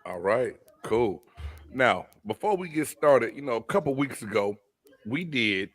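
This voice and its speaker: A man hosting a casual live sports chat, loud and joking with his co-hosts. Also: mid-range voice, sing-song, slow, breathy edge, no echo. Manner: loud, hyped, joking banter. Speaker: host.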